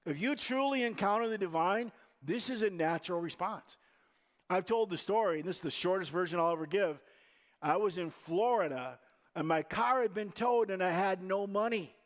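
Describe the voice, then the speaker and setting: High-voiced pastor, chatty sermon. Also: male voice, moderate pace. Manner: conversational, anecdotal storytelling.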